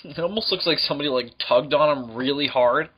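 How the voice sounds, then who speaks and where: Male co-host, a bit high, husky, swears freely, lo-fi mic. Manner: blunt, swearing, quick to mock. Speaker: podcast co-host. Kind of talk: casual podcast chat.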